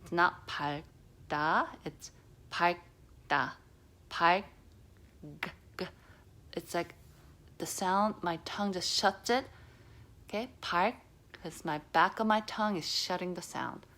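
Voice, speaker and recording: A woman with a slightly low voice gives a patient pronunciation lesson. She repeats each sound slowly and often lets her voice sink to a soft, breathy near-whisper. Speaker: Korean language teacher.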